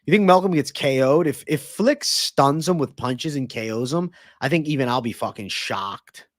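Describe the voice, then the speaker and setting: A man's voice: mid-range voice, animated, moderate pace, dry recording. A male livestream host breaks down fights and riffs with his chat in a loose, profane, hyped way. His voice sits in a middle register. The sound is dry and close, with no room around it. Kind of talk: live-streamed fight predictions and chat.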